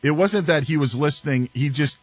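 A man's voice: a little high, brisk, slightly rough, no room sound, soft background music. A man hosting a sports talk show, telling stories with a self-mocking streak and laughing often. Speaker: sports radio host. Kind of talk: casual talk show banter.

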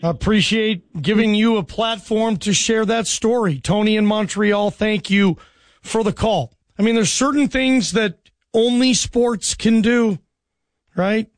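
Sports radio host guy, high voice, chatty, thanks callers, dry studio sound. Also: unhurried, no room sound. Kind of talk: radio call-in hosting.

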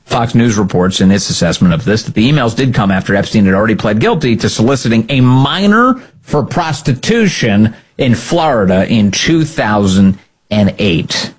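A male host delivering opinionated commentary with a husky, slightly rough voice. He mocks and needles his targets, his delivery dripping with sarcasm. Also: lowish voice, expressive, moderate pace, poor audio. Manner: mocking, sarcastic.

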